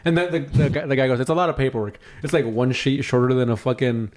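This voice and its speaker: A man's voice: medium pitch, steady tone, fast, darkish tone. A young man co-hosting a podcast, telling a long story in a casual chat, swearing often and acting out the voices of the people in it. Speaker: podcast co-host.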